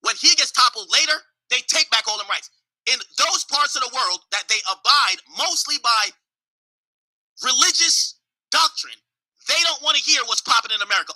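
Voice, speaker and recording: A man's voice: very high voice, normal speed, rough recording. Young male host, loose and profane, swings all over his range while riffing on current events. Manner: animated, profane, acts out voices of others mid-story. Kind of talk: casual commentary on history and politics.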